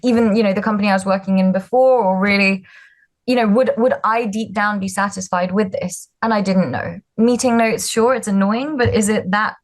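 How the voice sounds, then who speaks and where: A woman's voice: mid-range voice, a little fast. A young woman tells her startup story in an interview. She talks in a chatty, self-deprecating way, with plenty of ums and likes as she goes. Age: 20s. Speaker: startup founder, guest.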